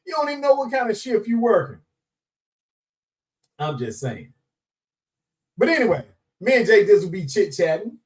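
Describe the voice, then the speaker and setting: A man hosting a live show, chatting casually and playfully with viewers, greeting them by name and laughing often. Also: high voice. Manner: animated, laughing, playful Southern Black vernacular. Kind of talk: casual live-stream chat. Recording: voice somewhat distant from mic.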